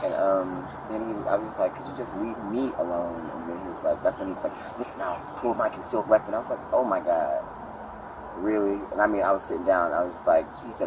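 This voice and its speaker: Low-voiced man rambling to police. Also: fairly even intonation, quick pace. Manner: rambling, repeats "literally" and "I was like". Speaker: suspect talking to police. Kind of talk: rambling account to an officer. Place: outdoors in a public park. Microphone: police body camera from a distance. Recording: distant body-cam audio, outdoor noise.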